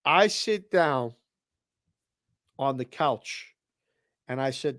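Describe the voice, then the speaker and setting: Lively Boston man telling a story. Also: fairly high pitch, slow pace, pauses often, no room sound, clean studio sound. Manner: animated storyteller who acts out both sides of a conversation. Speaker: co-host of a sports betting show. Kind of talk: casual chat.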